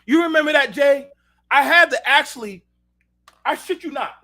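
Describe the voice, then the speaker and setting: High, bright-voiced ranting man. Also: normal speed. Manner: profane, heated storytelling; addresses listeners directly. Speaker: show host. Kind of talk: unfiltered casual rant.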